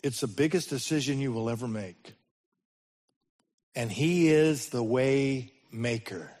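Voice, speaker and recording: A man preaching a sermon as the pastor, his voice swinging between sudden loud rises and slow, hushed drops. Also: mid-range voice.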